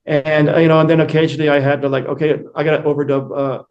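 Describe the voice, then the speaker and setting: A man's voice: a little high, level tone, fast talker, lo-fi sound. A man, a musician guest in an interview, telling rambling anecdotes with many fillers and acted-out quotes. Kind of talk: casual storytelling interview.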